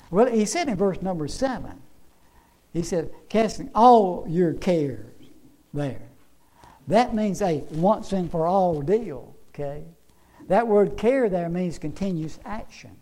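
A man preaches in a high, ringing voice. He swings from loud, emphatic bursts to soft, murmured asides, and his delivery keeps rising and falling. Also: low-quality recording. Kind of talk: sermon.

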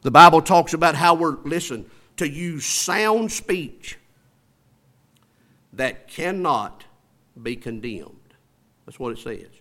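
A man with a Southern US accent preaching a sermon, calling for amens and building to loud, slowed-down emphasis before dropping back low and soft. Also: lively intonation. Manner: call-and-response preaching, asks for amens; swells loud and slows for emphasis, drops low and soft after. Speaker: pastor.

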